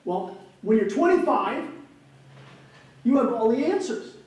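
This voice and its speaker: High-voiced man telling a story in an echoey hall. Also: a little slow. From Wisconsin, USA. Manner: animated storyteller with comic timing. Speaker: keynote speaker. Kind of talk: storytelling keynote speech. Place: large hall, on stage. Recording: echoey hall, distant mic, faint noise.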